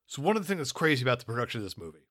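A man's voice: medium pitch, sing-song, very fast, a bit bright. A man co-hosting a podcast, recapping a movie in casual, jokey chat and arguing points with laughs. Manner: jokey, argumentative, laughs often. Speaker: podcast co-host.

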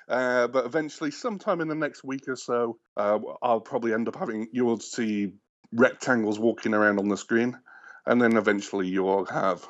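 A man's voice: mid-range voice, moderate pace, dry recording, highs cut off. A man in a casual team meeting, laughing often and rambling through his update with many restarts. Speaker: game developer.

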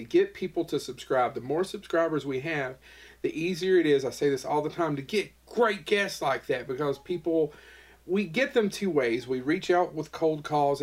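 A man's voice: mid-range voice, a little mellow. A man co-hosting a podcast, rambling and joking in casual chat as he signs off. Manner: rambling, joking, self-interrupting. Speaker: podcast co-host.

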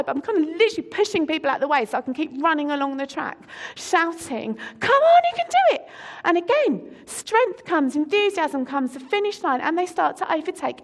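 High-voiced woman preaching in a church. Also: big-room sound. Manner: conversational storytelling with frequent ums. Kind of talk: personal story sermon. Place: church hall.

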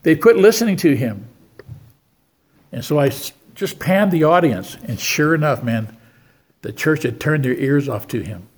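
A man's voice: medium pitch, lively intonation, moderate pace. An older man giving a sermon in church, telling a story from his life and calling on the congregation for amens. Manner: storytelling preacher who keeps asking the church for amens. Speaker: guest preacher.

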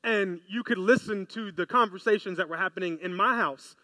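A man preaching a sermon in an animated, conversational way, often asking his listeners questions. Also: high-pitched, a little fast, dry recording. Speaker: pastor. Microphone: close mic, podcast.

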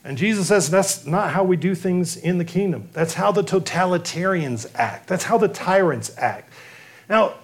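A man's voice: high voice, expressive, moderate pace. A man preaching a sermon, earnest, repeating and restarting phrases as he builds his points. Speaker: pastor.

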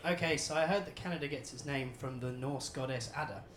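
A man's voice: medium pitch, a little fast, echoey room, heavy background noise. A man from England in a live audience, reading a submitted question aloud and stumbling over words. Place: comedy venue with live audience.

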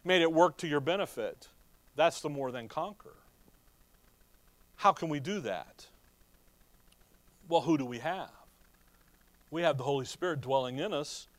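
A male pastor preaches with lively emphasis in a fairly high voice, often pausing on a rhetorical "what?" for the congregation. The sound is dry and close, with little room. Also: no room sound. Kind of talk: sermon.

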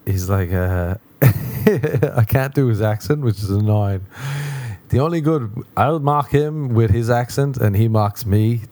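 A man's voice: on the low side, warm tone. A young Irish man hosting a casual solo podcast, rambling and wry with plenty of swearing, talking from home. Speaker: podcast host.

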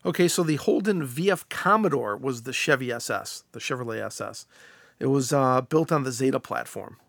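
Gravelly, lively male car podcaster. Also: medium pitch, moderate pace, no echo. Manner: enthusiastic, rattles off car details. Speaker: podcast co-host. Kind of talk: casual car podcast chat.

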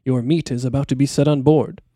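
A man voicing a sly, scheming royal counselor who flatters his lord. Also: medium pitch, fairly quick, dry recording, studio quality, natural voice. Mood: fawning.

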